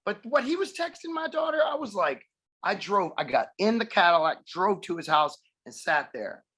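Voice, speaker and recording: A man's voice: sits high, animated, moderate pace, bright, forceful tone, husky. A man chatting casually on a video call, telling rambling stories, laughing often and acting out the voices. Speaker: musician guest.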